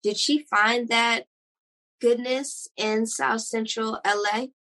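A woman hosting an interview, asking her guest questions in a gentle, sympathetic way. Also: a little high, fairly even intonation, takes it slowly, poor audio. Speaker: podcast host and interviewer.

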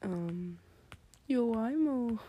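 A teenage girl talks to her viewers in a late-night solo vlog, jumping between topics with giggles and gushing outbursts. Her voice is soft-toned and mellow, with a husky, airy edge. She often slips into whispered asides mid-sentence. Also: on the high side, lively intonation, extremely slow. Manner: scattered, drifts into whispered asides; breathless exclamations and giggles. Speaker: vlogger. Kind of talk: late-night rambling monologue.

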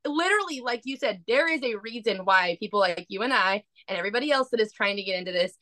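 A woman hosting a casual interview, emphatic and quick to agree with her guest. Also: mid-range voice, lively intonation, pushed and bright, dry recording. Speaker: podcast host.

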